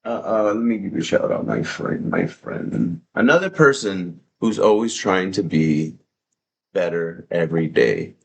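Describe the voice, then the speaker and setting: A man hosting a livestream, talking in a casual, excitable, rambling way with plenty of swearing, into a desk mic at his home setup. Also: low-pitched, measured pace, creaky, a little hiss or hum. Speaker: livestream host. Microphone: desk microphone.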